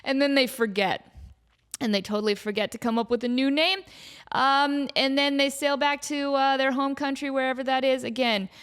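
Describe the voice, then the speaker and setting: A woman hosting a comedic solo podcast, telling a rambling, animated story with lots of fillers. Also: high-pitched, moderate pace. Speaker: podcast host.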